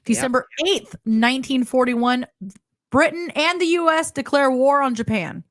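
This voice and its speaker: A woman's voice: sits high, normal speed, no echo, clean studio sound. A woman co-hosting a podcast, reading a wartime timeline aloud in casual chat and laughing at herself between dates. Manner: reads dates aloud, laughs often, self-teasing. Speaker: podcast co-host.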